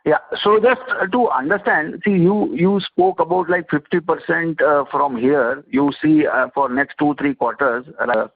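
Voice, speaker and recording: A man asking halting, filler-heavy questions as an analyst on an earnings call. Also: fairly high pitch. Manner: halting, many fillers and restarts. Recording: phone-like conference line.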